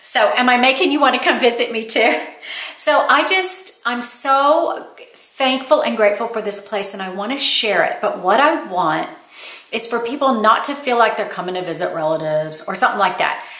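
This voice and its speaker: A woman's voice: a little high, expressive, normal speed, pushed and bright. Older lady vlogging, rambling chatty stories, sounds roomy. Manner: chatty storytelling, addresses viewers as y'all. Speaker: lifestyle vlogger. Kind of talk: casual chat. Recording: roomy echo.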